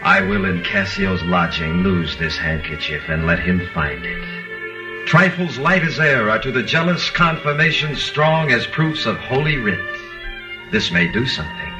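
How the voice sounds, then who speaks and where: An actor playing Iago, a cunning scheming villain, in a 1940s radio drama, with a sly, insinuating, theatrical delivery. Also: male voice, on the low side, animated, a little slow, dull audio, music in the background.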